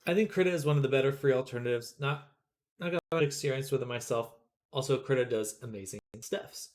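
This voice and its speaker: A man's voice: medium pitch, quick pace, a little mellow. A man chatting casually on a live stream while he draws, rambling with many fillers and answering viewers' comments.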